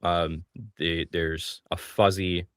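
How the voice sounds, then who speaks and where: A man co-hosting a call-in show who speaks in a measured, methodical way and defines terms before arguing. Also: sits low, little pitch movement, a bit bright, no echo, clean studio sound.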